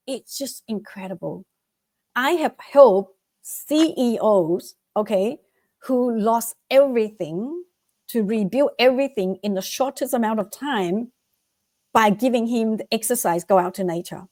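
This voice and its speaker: A middle-aged woman from Vietnam, a guest author and life coach, answering interview questions with animated, repeated motivational advice and acted-out quotes. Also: fairly high pitch, measured pace, dry recording, clean studio sound. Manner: animated, acts out quoted voices, repeats phrases for emphasis.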